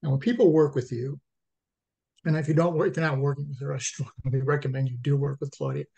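A man hosting a podcast puts questions to his guest. He is halting and often restarts his phrases, and his voice sits at a middle pitch. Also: steady tone, gravelly, mellow. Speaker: podcast host. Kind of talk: interview questions.

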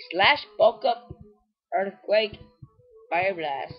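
A woman's voice: lowish voice, animated, moderate pace, muffled recording. A woman giving rambling, casual commentary while playing a video game and talking back at it. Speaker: let's play host.

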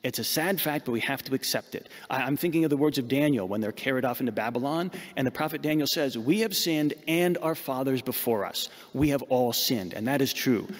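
A man's voice: medium pitch, animated, fairly quick, hardly any pauses, in a large hall. A man preaching a sermon as a priest, emphatic and repeating words as he searches for them.

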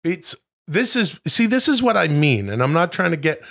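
A man's voice: fairly high pitch, moderate pace, gravelly. A man from Canada, a podcast co-host, chatting casually and laughing often as he narrates a vlog. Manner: laughing, swearing, animated.

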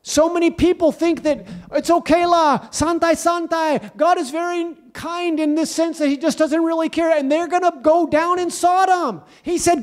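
A man with a very high voice preaches a sermon. He hammers each point with repetition and rises at times into shouted declarations. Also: fairly even intonation, moderate pace, few pauses.

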